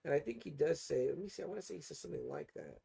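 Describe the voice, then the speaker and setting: A man co-hosting a casual comics review, reading passages aloud and reacting with animated, profane enthusiasm. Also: on the high side, very fast, creaky, a crowd in the background. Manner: animated, swears freely, often says "you know what I mean". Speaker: podcast co-host reviewing comics.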